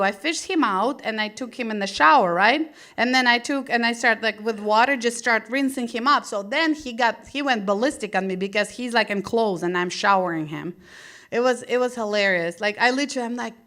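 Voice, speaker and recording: Bright-voiced Russian-accented woman comic. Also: fairly high pitch, a little fast. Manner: animated, acts out her own reactions in quotes. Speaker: stand-up comedian. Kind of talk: stand-up comedy storytelling. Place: small gallery venue, live show.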